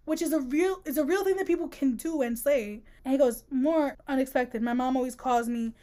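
A woman co-hosting a podcast, chatting casually about a book, slangy and animated, acting out the characters' lines as she retells scenes. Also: high-pitched, brisk. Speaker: podcast co-host. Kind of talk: casual book-discussion chat.

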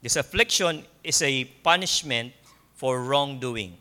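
Slow, emphatic Filipino pastor preaching. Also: male voice, mid-range voice. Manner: slow, emphatic preaching with repetition and soft laughs. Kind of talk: sermon.

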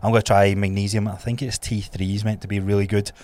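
A Scottish man in his thirties co-hosting a fitness podcast, blunt and animated, swearing freely. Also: fairly low pitch, quick pace. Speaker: podcast co-host and trainer. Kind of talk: casual podcast chat.

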